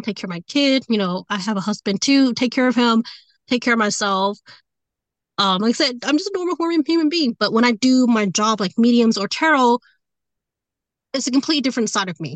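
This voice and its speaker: A woman's voice: fairly high pitch, dry recording, rough recording. A woman who works as a medium, talking casually in an interview, rambling with fillers and restarts and growing emotional as she speaks. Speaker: medium and tarot reader.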